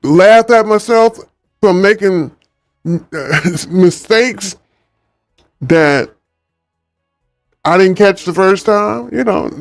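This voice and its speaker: A man's voice: high voice, no room sound. A man chatting and reading a book aloud on a livestream, laid-back and ad-libbing. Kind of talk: casual livestream story reading.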